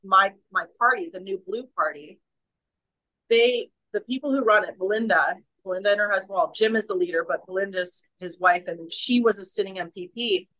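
Woman, bright voice, emphatic, passionate, restarts mid-sentence, interview guest. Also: medium pitch, a little fast, poor audio. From Canada. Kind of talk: casual interview chat.

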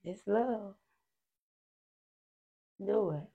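A woman's voice: mid-range voice, extremely slow, gravelly, mellow. A woman with a Southern country accent co-hosting a faith podcast, folksy and affirming. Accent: Southern American, country. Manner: folksy, affirming, backs up her partner. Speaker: podcast co-host. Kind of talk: casual faith chat. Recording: dull lo-fi sound.

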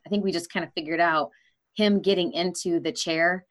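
A woman's voice: lowish voice, fairly even intonation, moderate pace. A woman hosting a podcast, talking frankly and conversationally and often laughing mid-sentence. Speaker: podcast host. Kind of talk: casual interview talk.

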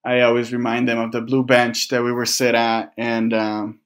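A young man talks straight to his viewers, voice sitting at an ordinary middle pitch. He speaks haltingly and reflectively, restarting sentences and leaning on fillers, with some casual swearing. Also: completely flat delivery. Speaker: vlogger. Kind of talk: candid personal storytelling to camera.

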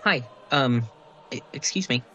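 A man puts on a shy young girl, raising his voice high for her. She stammers and trails off, nervous and hesitant. The audio is muffled and dull. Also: big pitch swings, unhurried, pushed and bright, full character voice. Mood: timid, flustered. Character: timid, overwhelmed young girl.

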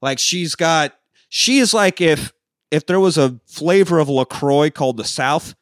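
A man's voice: fairly high pitch, a little slow, no room sound, studio quality. A man hosting a casual movie-review podcast, talking loosely and swearing and laughing often. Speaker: podcast co-host.

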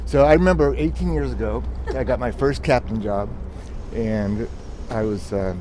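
A man's voice: mid-range voice, moderate pace, over music. A man who is an airline captain, telling a story in an easygoing way with small chuckles. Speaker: airline captain, podcast co-host. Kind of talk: casual storytelling.

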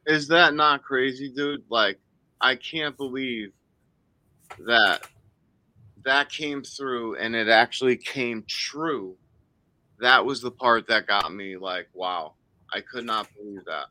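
A man appearing as a guest paranormal investigator on a podcast, telling his stories eagerly and excitably in casual chat. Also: mid-range voice, slow pace, dry recording.

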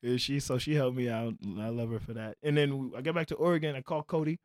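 A man's voice: mid-range voice, steady tone, fast talker, a little mellow, dry recording, studio quality. A man in casual group chat, talking animatedly, laughing often and slipping into imitated voices as he tells stories.

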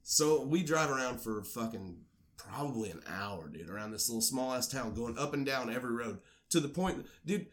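A man's voice: mid-range voice, moderate pace. A man co-hosting a casual podcast, telling a drinking story with lots of swearing and acted-out voices. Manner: animated, swearing, acts out quoted voices.

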